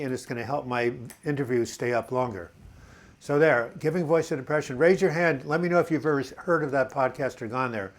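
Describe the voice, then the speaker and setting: A man in a mid-range voice hosts a casual live video chat, chatty and rambling as he reads out viewers' comments. He answers them in an encouraging way and speaks to his viewers directly. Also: medium pitch. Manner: encouraging, addresses viewers as boys and girls.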